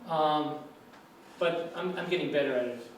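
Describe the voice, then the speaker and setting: A man's voice: a little high, normal speed. A man from the United States teaching English, talking with his class and asking questions. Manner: conversational, asks students questions. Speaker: English lecturer. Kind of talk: classroom discussion. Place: lecture room. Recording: echoey classroom from far off, faint noise.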